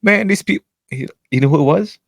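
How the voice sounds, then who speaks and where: A man on a casual podcast, telling a story with a lively, swooping delivery and a fairly high voice. He acts out each quote with sudden jumps in pitch and talks loudly and bluntly. The sound is dry and close, with no room around him. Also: normal speed, creaky, dry recording. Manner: says his voice is always loud. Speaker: podcast co-host.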